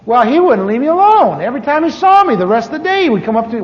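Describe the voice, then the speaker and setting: Speaking rapid-fire at an extremely high pitch with big swings, a middle-aged man delivers a testimony sermon. He shares his own story candidly, storytelling-style, with wry asides. It's a dull archive recording with a long hall reverb.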